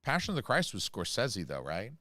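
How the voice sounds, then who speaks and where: A man's voice: lowish voice, wildly swooping pitch, fairly quick, a bit bright, no echo. American guy, livestream host, rambling and jokey, dry close sound. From United States. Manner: rambling, jokey, many fillers and asides. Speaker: channel host reading live chat. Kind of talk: casual livestream chat.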